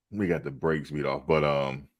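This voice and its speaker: A man's voice: very deep voice, husky. A middle-aged man hosting a fan live stream in a laid-back, chatty way, telling stories and laughing often. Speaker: fan channel host. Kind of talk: casual live-stream chat.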